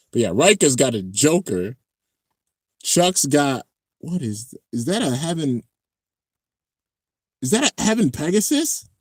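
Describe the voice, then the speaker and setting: Excitable man chatting on a live stream. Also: mid-range voice, no room sound, clean studio sound. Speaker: channel host reacting to an anime episode. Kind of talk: casual live-stream reaction commentary.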